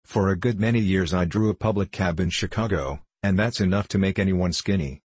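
A man's voice: sits low, fairly quick, a little mellow, slightly rough, no room sound. A man voicing a skinny old male cab horse who grumbles and scoffs. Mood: despondent. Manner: scornful, growling.

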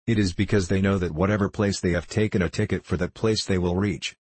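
A man's voice: low voice, steady tone, fast talker, a little mellow, slightly rough, no echo. A man voicing a supercilious, sarcastic male anarchist poet in an audiobook reading. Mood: mocking.

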